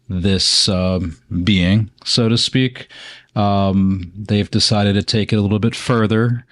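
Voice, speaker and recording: A wry man co-hosting a car podcast, with a low voice recorded dry and close. He muses aloud and often stops to restart his sentences. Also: no room sound. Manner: wry, musing, talks in halting restarts. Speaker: podcast co-host. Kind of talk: casual car podcast chat.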